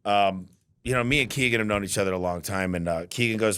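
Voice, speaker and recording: A man's voice: fairly low pitch, fast, smooth. A man telling business stories in casual chat, acting out what others said to him. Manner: animated, quotes others in acted voices. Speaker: business owner guest. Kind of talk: casual storytelling.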